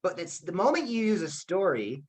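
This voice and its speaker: A male teacher leading a live class over a video call. He talks in a loose, chatty way and keeps checking in with his students with a quick "okay?". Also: high voice, sing-song. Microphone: computer mic on a video call.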